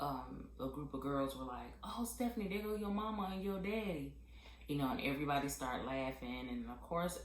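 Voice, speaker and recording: A woman vlogger telling a candid personal testimony in a heartfelt, halting way with many pauses and fillers. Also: extremely low pitch, echoey room, slight background noise, rough recording.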